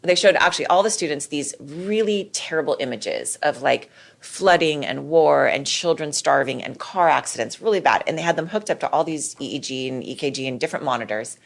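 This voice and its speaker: A middle-aged woman, a clinical psychologist, explaining ideas in a lively, conversational way as a podcast guest. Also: low voice, a little fast, gravelly, hardly any pauses. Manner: explanatory, lively, acts out quoted voices.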